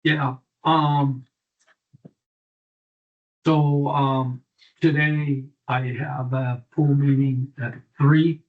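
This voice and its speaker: A hoarse man with a squeaky edge speaks slowly and haltingly, filling gaps with "uh" as he gives a supervisor's report. His delivery is flat, and the audio is muffled. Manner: halting, many fillers. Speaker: county supervisor.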